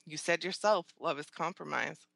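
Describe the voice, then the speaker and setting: A woman's voice: low voice, normal speed, gravelly, a bit bright, dry recording, full character voice. A woman reading an audiobook, voicing a timid, nervous young woman who speaks hesitantly. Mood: mumbling.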